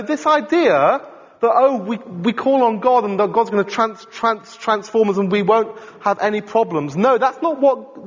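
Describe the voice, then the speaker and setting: A man preaching a sermon in an animated, conversational way, often asking his congregation questions. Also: very high voice. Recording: dull sound in a reverberant hall.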